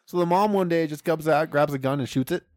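A young man in casual chat, retelling a film plot in an animated, profane way. He laughs often and acts out the characters' lines. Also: on the high side, fast talker, no room sound, clean studio sound. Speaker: podcast co-host.

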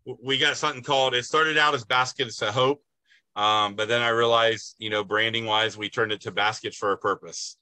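A man appearing as a guest on a casual podcast, telling stories in an animated way. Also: medium pitch, a little fast, no echo, rough recording. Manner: animated storyteller.

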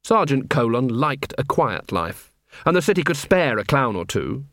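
A man narrating an audiobook with dry, measured storytelling. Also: mid-range voice, big pitch swings, a bit bright, dry recording. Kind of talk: scripted narration.

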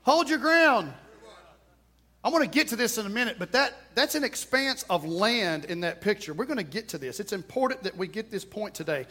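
A man's voice: high-pitched, animated, a little fast, sharp tone. A man preaching a sermon, emphatic and repetitive, with touches of humor.

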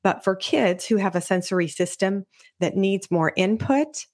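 A woman's voice: medium pitch, expressive, normal speed, darkish tone. Earnest woman explaining to parents. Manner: earnest, explanatory, acts out parents' and kids' voices. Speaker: podcast host, children's sensory specialist. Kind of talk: solo podcast talk.

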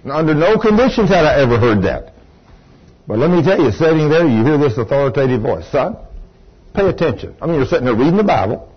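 An older man with a drawl preaches to a congregation, his husky voice rising and falling with animated swings. He tells stories with emphatic bursts. The recording is dull and lo-fi. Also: a little high, quick pace. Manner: emphatic, storytelling preacher with sudden exclaims. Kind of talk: sermon with personal story. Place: church room with congregation.

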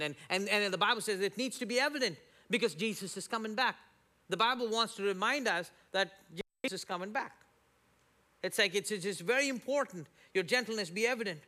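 A man's voice: high-pitched, a little fast, pushed and bright. A middle-aged male pastor giving a conversational sermon, often repeating words as he tells personal stories.

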